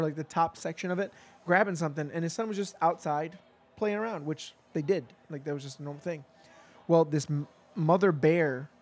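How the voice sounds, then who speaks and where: A man's voice: on the high side, a little mellow. A man telling a long story in a casual chat, rambling with lots of fillers and acting out quoted lines.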